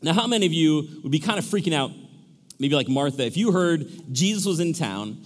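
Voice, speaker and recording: A male pastor preaching a sermon in a lively, animated way, acting out characters with shifting voices. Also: on the high side, brisk. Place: large church hall. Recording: echoey church hall.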